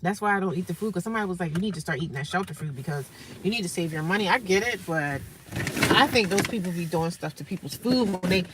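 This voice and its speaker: A woman's voice: on the low side, fast, distant mic, background noise. A tired woman chatting casually to viewers in a vlog, venting about her day while sitting in her parked car. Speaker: vlogger. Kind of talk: casual vlog chat to camera.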